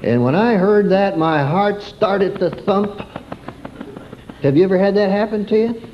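Slow folksy man preaching a story. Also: sits high, dull audio, slight background noise. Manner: homespun storytelling with rhetorical questions to listeners. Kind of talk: sermon told as a folksy childhood story.

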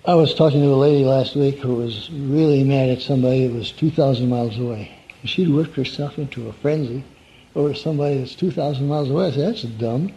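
A man's voice: mid-range voice, fast, dark tone, slight background noise. A man preaching an evening sermon in a conversational, folksy way, often putting questions to his listeners. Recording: dull lo-fi recording.

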